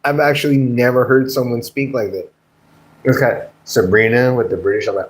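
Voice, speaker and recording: A man's voice: medium pitch, fairly quick. A man hosting a livestream, chatting with viewers in a rambling, stammering way and swearing freely. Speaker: livestream host. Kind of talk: casual chat with stream viewers.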